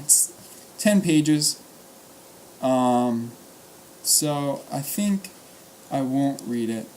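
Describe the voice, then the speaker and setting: A man's voice: medium pitch, a little mellow, slight background noise, poor audio. Man reading short fiction aloud. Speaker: host and reader.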